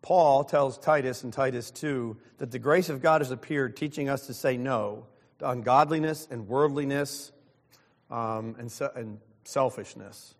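A man's voice: mid-range voice, measured pace, long reverb tail. A pastor in his sixties preaching a sermon, earnest and openly self-deprecating. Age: 60s.

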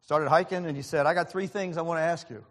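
A man's voice: fairly high pitch, steady tone, fast talker, fairly bright tone. A man preaching a sermon, telling a personal story in an earnest, conversational way. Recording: long reverb of a large hall.

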